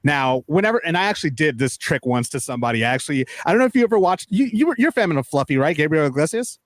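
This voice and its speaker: A man's voice: fairly high pitch, racing, no room sound. A man co-hosting a podcast, chatting casually and laughing as he introduces clips. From Latino. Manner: laughing, lively, rambling with fillers. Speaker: podcast co-host. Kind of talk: casual chat reacting to clips.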